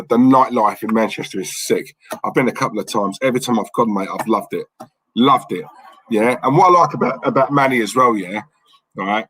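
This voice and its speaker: Chatty young London bloke, dry sound. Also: male voice, on the low side, a bit bright, breathy edge, no room sound, rough recording. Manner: chatty, rambling, reads chat messages aloud. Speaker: watchalong host. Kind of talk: casual live-stream chat.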